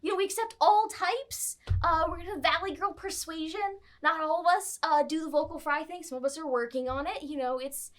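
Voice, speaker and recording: A woman's voice: very high voice, fairly quick, few pauses, fairly bright tone, pitched above the performer's own voice. Woman doing a squealing valley-girl friar. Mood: gushing. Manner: squealing, gushing, uptalk.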